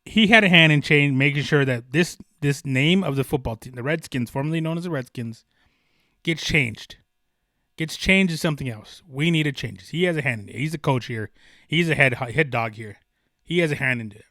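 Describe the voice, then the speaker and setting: Bright, passionate male sports podcaster. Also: on the high side, normal speed, no room sound, studio quality. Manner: passionate, emphatic, rambling with restarts. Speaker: podcast host. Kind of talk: solo sports podcast monologue.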